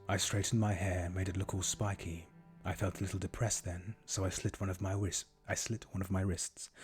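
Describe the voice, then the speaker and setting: A man reading a fan story aloud in a deadpan voice, with groaning asides between chapters. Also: low-pitched. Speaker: streamer reading a fanfic aloud. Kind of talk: mocking dramatic reading.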